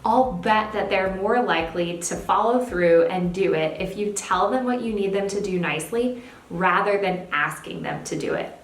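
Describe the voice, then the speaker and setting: A young woman, a speech therapist, giving parenting tips in a clear, upbeat teaching manner. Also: medium pitch, moderate pace. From California. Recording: echoey room, faint background hiss.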